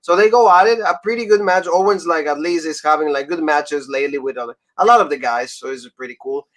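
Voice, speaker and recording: Man hosting wrestling chat, slightly high voice. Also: quick pace. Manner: loose, lots of "like" and "you know", laughs between points. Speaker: wrestling show host. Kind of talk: casual chat.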